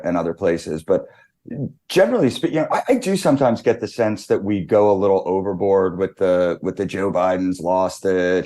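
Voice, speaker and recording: A man with a very low voice speaks as a guest on a talk show. He thinks aloud in a loose, halting way, circling back with restarts and fillers. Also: warm tone. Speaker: guest commentator. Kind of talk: casual talk show discussion.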